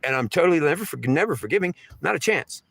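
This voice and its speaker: A man's voice: a little high, lively intonation, moderate pace, gravelly, a bit bright, breathy edge, no room sound, voice pushed up, full character voice. A vengeful goddess rants that she will never forgive, as a man puts on her voice. The voice sits well above his own plain speech and the sound is dry and close. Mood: furious. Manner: ranting, vengeful. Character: furious wronged goddess, woman, unforgiving.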